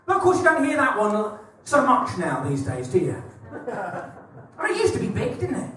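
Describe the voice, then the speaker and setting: A man's voice: very high-pitched, wildly swooping pitch, normal speed, a bit bright. A man performing stand-up comedy live in a small club, with a wry, ironic delivery and repeated setups. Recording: echoey room, mic at a distance.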